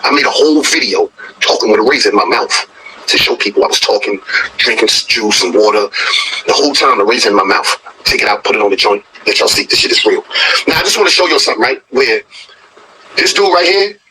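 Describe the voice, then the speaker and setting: Animated, profane man commenting. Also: fairly low pitch, fast, a little hiss or hum, low-quality recording. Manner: blunt, profane, scoffing storytelling. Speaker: reaction video host. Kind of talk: casual commentary.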